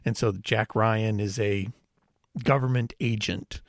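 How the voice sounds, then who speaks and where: A man co-hosting a podcast, chatting casually and telling an animated story, acting out quoted lines. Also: fairly low pitch, slow pace, dry recording, clean studio sound. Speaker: podcast co-host. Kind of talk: casual chat.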